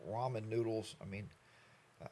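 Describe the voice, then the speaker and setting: A man's voice: on the low side, normal speed. A man in his sixties hosting a casual live stream, rambling and joking as he greets viewers by name. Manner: rambling, jokey, animated storytelling.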